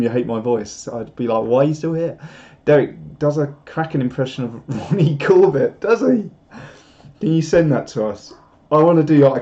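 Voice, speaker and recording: A man with a warm, medium-pitched voice hosts a live stream, reading out viewer comments in a jokey, rambling way. It's casual stream chat, and the recording sounds dull and lo-fi.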